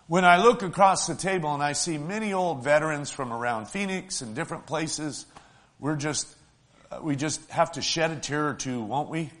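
A man preaching a sermon, talking in a folksy way to the congregation and swinging between loud, stretched-out lines and soft, hushed ones. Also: on the high side, normal speed. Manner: emotional, swells loud then drops soft; folksy, asks the congregation "right?".

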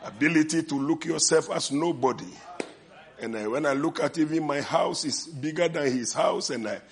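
An older man with a foreign accent preaching a sermon, leading the congregation with call-and-response and repeated amens. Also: a little high. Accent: non-native English accent. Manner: call-and-response, repeated "amen and amen", drawn-out emphasis. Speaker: visiting preacher.

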